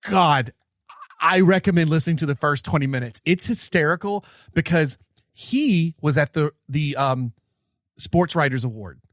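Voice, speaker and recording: A man's voice: on the high side, lively intonation, normal speed, fairly bright tone, dry recording, studio quality. A man co-hosting a podcast, telling stories in a rambling way with many fillers, laughing as he goes. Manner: laughs while retelling stories. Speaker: podcast co-host. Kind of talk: casual chat.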